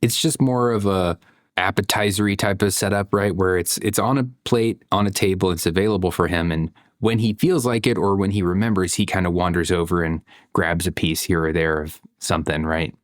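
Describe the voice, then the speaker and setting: A man's voice: low-pitched, steady tone, brisk, no room sound, studio quality. A man in his thirties talking through a reflective vlog monologue, conversational, with frequent "you know" and "right?". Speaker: parent vlogger.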